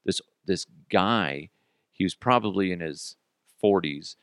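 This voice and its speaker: A man hosting a podcast, telling customer service stories in a casual, animated way, swearing and laughing as he goes. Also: low voice, a little slow, smooth, dry recording, studio quality. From Colorado, United States. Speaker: podcast host. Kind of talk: casual storytelling.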